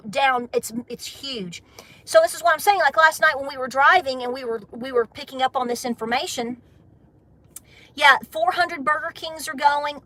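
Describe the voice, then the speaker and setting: Woman, american, live-stream host, chatty and emphatic, crisp bright tone, dry close sound. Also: high-pitched, no echo. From United States. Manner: chatty, emphatic, repeats points for stress. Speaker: homesteading channel host. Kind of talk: casual live-stream chat.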